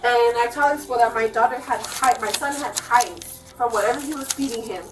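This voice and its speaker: A woman telling a police officer her side of a fight in her home, talking fast, heated and swearing. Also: on the high side, a little hiss or hum. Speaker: resident speaking to police. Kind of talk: agitated account to an officer. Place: inside a house, indoors. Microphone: police bodycam from a distance. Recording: echoey distant bodycam audio, faint music.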